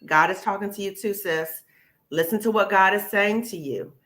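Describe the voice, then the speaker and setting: A woman hosts a live panel discussion over a video call. Her voice is bright and forward, and she talks in an emphatic, encouraging way. She keeps checking in with "okay?" and calls the listener "sis". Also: mid-range voice, moderate pace. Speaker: host.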